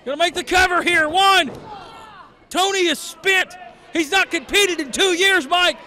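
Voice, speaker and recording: A man calling a wrestling match as play-by-play commentator, often shouting and exclaiming as the action unfolds. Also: extremely high pitch, a little slow, a faint crowd. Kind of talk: excited live play-by-play commentary.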